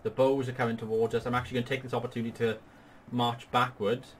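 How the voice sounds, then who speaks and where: A man guides a partner through a strategy game battle, explaining each move in a patient, upbeat tone. His pitch sits in a middle range for a man. A faint hiss runs underneath his voice. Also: level tone, fast talker. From Wales. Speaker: gaming channel host. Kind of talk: strategy game tutorial commentary.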